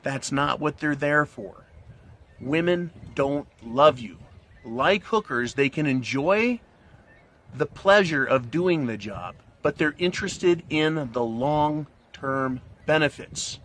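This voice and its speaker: A man's voice: fairly high pitch, animated, slow, a bit bright. A middle-aged man giving a crude, blunt, rambling monologue, smoking a cigar and asking "right?" again and again. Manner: smoking a cigar while talking. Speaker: commentary channel host. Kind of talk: casual monologue, talking to the camera.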